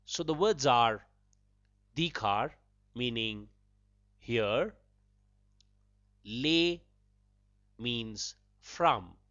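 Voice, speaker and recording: A man hosting a podcast language lesson, patiently repeating phrases slowly and breaking them into single words. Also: mid-range voice, expressive, a bit bright, no room sound. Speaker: podcast host teaching a language. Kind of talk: slow spoken language lesson. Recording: dull lo-fi dry recording.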